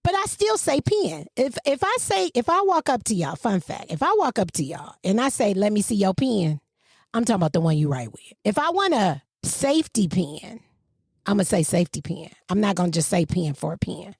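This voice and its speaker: A woman, co-hosting a podcast in casual chat and telling stories with swooping pitch. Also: a little fast, slightly rough, no echo, clean studio sound. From Michigan. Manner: animated storyteller, swooping pitch. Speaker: podcast co-host.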